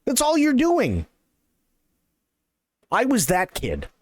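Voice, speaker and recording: A man's voice: very high voice, huge pitch swings, slow. A male streamer ranting in casual, profane, sarcastic chat on a live stream.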